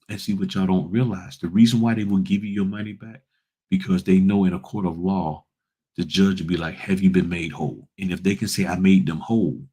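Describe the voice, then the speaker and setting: A man's voice: low voice, warm tone, slightly rough. A man hosting a casual livestream, giving blunt, folksy advice and addressing viewers as y'all. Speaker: notary public and livestream host.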